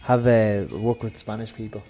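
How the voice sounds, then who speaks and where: A man's voice: fairly low pitch, flat delivery, moderate pace, warm tone, soft background music. A man with a Dublin accent co-hosting a podcast, telling rambling stories and tripping over his words. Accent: Irish, Dublin. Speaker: podcast co-host. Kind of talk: casual chat.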